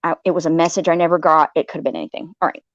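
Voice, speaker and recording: A woman's voice: low-pitched, steady tone, racing, no echo, muffled recording. A woman hosting a casual chat, telling a long dream story in a rambling, profane way, acting out what others said. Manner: rambling, profane, restarts often, acts out quotes. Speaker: host.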